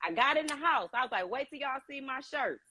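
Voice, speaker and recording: A woman's voice: high-pitched, lively intonation, fairly quick, bright, forceful tone, a little hiss or hum. A woman hosting a casual livestream on her phone, telling stories in a blunt, candid way. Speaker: host of a livestream. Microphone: phone on a video call.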